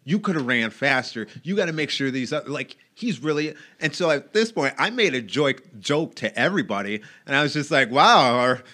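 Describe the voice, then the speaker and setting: This man's voice has a bright, forceful edge. He is a guest on a casual podcast, acting out the people in his stories with lively, animated delivery. His pitch stays in a middle range. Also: fairly quick, hardly any pauses.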